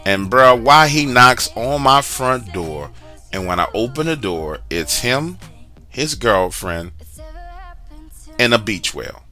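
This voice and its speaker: A man telling a true story from his own life in a casual, lively way, speaking straight to the listener with slang asides. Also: medium pitch, takes it slowly, faint music behind. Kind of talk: casual first-person storytelling.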